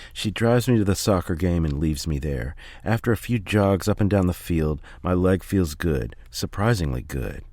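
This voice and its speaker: Man, very low voice, steady memoir reading, dry close recording. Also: moderate pace, few pauses, dry recording. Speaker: audiobook reader. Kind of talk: first-person memoir reading.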